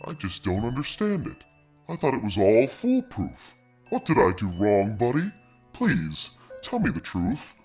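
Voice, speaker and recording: A man's voice: on the high side, very animated, takes it slowly, slightly rough, faint music behind, full character voice. A man voicing a boastful pumpkin monster who calls himself king of the gourds, speaking in a grand, theatrical villain manner in an audio drama. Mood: dejected.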